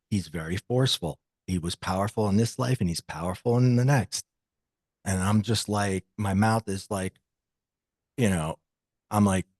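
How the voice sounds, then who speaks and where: A man guest on a podcast, telling a personal story in an animated way and acting out the dialogue he quotes. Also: on the low side, no room sound.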